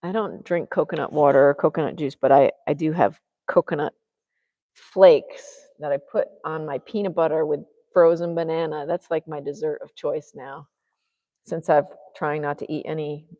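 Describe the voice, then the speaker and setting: Woman artist, chatty and rambling as she paints, low voice with a lingering reverb. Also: moderate pace, dark tone. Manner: chatty, rambling, thinks aloud. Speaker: artist livestreaming a painting session. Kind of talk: casual chat while painting.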